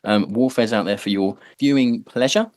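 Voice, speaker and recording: A man's voice: mid-range voice, moderate pace, a little mellow, no echo. A man hosting a podcast, chatting casually and joking, with lots of fillers. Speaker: podcast host. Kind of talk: casual chat.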